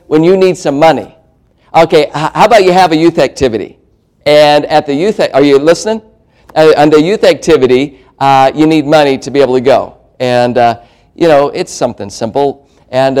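A man preaching to a youth crowd in a church hall, his voice sitting a little high for a man. He talks animatedly and lively, dipping into squeaky put-on voices to act out parents and teens. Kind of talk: sermon to youth.

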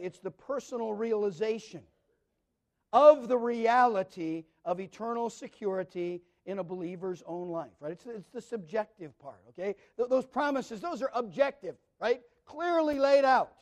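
A man preaching a Bible study sermon in an earnest way, repeating words and posing rhetorical questions to his listeners. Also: high-pitched.

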